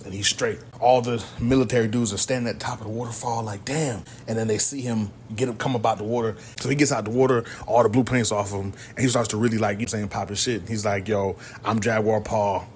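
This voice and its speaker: A man hosting a podcast, retelling a film's plot in casual, slangy, energetic storytelling. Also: on the low side, slight background noise. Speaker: podcast host. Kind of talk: casual movie recap.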